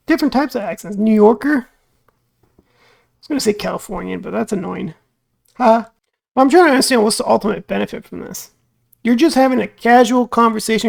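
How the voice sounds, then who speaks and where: A man's voice: sits high, a little fast, vocal fry, long pauses. A man hosting a reaction video, rambling and musing in casual commentary, full of fillers and acted-out quotes.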